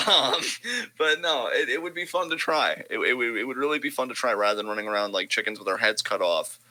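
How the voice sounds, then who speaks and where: A man co-hosting a casual podcast, with a very bright, sharp-edged voice at an ordinary middle pitch. He rants with emphasis and swears freely as he talks. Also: expressive, brisk. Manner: profane, emphatic ranting. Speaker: podcast co-host.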